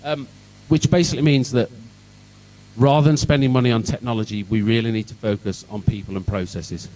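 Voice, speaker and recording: Heard off the mic from across an event hall, this conference speaker from Birmingham, England, talks in his Birmingham accent with a steady tone and a fairly quick pace at ordinary middle pitch. The tech talk is loud, irreverent and sarcastic, full of jokes and swearing.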